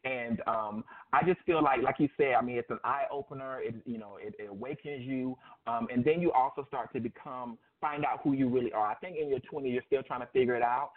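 A man's voice: medium pitch, brisk, hardly any pauses. A man in his thirties hosting a call-in interview, chatty, with frequent ums and easy laughs. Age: 30s. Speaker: host. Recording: tinny phone line.

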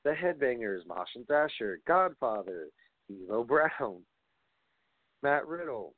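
A man's voice: medium pitch, sing-song, slow, dry recording. A man hosting a wrestling podcast, rambling casually, reading off long lists and swearing now and then. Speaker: podcast host. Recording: tinny phone-like line, dry.

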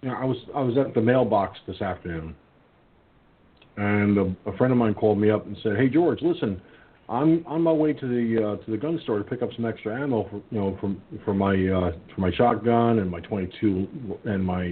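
Husky guy hosting a radio chat, rambly storyteller, tinny phone sound. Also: fairly low pitch, normal speed. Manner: rambling storyteller, many restarts and fillers, acts out quoted friends. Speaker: radio show host. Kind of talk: casual call-in radio chat.

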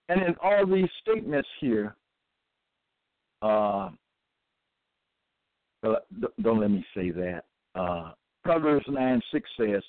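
A man reading scripture verses aloud and commenting on them in a deliberate, repetitive, halting way. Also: lowish voice, no room sound. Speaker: self-styled religious teacher. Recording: tinny phone-like dry recording.

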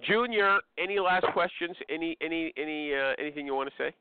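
A brash, teasing male talk show host with a high voice. He banters loosely and slips into pushy sales pitches. The sound is thin and tinny, like a phone line. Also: fast, clean tone, no room sound. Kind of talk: casual call-in talk show.

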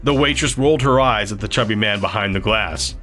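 A man narrating a novel in a steady, even storytelling manner. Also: on the low side, brisk, faint music behind. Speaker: audiobook narrator. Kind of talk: scripted narration.

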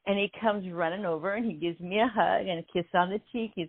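An older woman as a guest, telling a story in an animated way, often laughing, heard over a phone line. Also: medium pitch, fast, dry recording.

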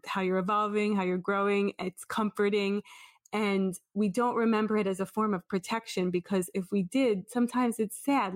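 A woman host chatting in a relaxed, affirming way with her guest. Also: mid-range voice, no echo, clean studio sound. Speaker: podcast host. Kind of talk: casual interview chat.

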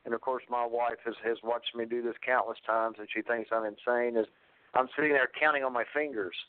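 A man chats easily on a call-in radio show, pausing over his words and laughing often. His mid-pitched voice sounds dry and close, squeezed thin like a phone call. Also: flat delivery, smooth, dry recording. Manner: easygoing, laughs often, halting. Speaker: show guest. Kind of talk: casual on-air chat. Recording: dry, tinny phone line.

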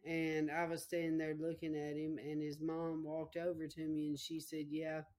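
A woman's voice: low voice, monotone, normal speed, darkish tone. A woman preacher, telling a personal story in a folksy, emotional way during a sermon.

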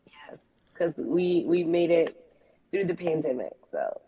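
A woman from New York, a podcast guest, chatting in a relaxed way and laughing easily. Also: fairly low pitch, unhurried, breathy edge. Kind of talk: casual interview chat. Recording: muffled remote call audio.

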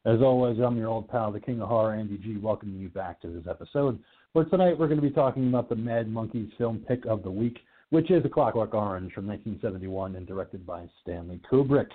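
A man's voice: lowish voice, fast. A man hosting an online horror talk show, joking and swearing in casual banter. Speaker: podcast host. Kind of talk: casual chat. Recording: tinny phone-like online radio.

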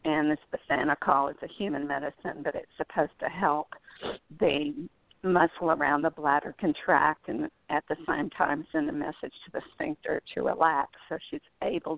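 An earnest woman calls in over a tinny, dry phone line. Her voice is gravelly, and she talks in careful detail while holding back emotion. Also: low-pitched, moderate pace, no echo. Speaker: caller. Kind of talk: phone call to a radio show.

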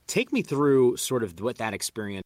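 A man's voice: mid-range voice, very animated, normal speed, darkish tone, dry recording. A man hosting a podcast interview, asking chatty, friendly questions. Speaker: podcast host. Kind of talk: casual interview.

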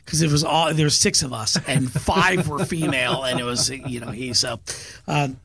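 A man's voice: medium pitch, normal speed, a bit bright. A middle-aged man, a business owner and podcast guest, telling stories from his working life in an eager, earnest way and repeating words as he goes. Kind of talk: storytelling in a podcast interview.

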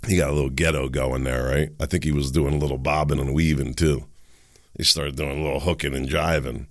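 A man's voice: rumbling low, little pitch movement, brisk, dry recording. A man hosting a political commentary podcast, talking alone with sarcastic, rhetorical questions to his listeners. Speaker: podcast host.

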